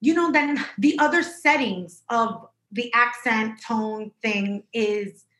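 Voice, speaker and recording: A woman co-hosting a podcast over a video call, chatting casually in an animated, emphatic way. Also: on the high side, takes it slowly, echoey room. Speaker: podcast co-host. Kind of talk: casual chat.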